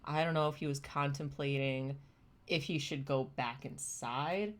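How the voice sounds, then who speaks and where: Slow, low-voiced young woman streamer. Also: fairly even intonation. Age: young adult. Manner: emotional, gushing, often near tears; thoughtful, explaining in plain terms. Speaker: streamer reacting to chimp videos. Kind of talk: casual live-stream commentary.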